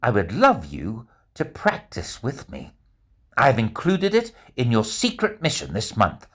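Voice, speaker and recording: A man voicing a kind, calm young woman researcher who speaks in a soothing, reassuring way in a children's storybook. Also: mid-range voice, a little slow, full character voice. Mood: gentle, soothing.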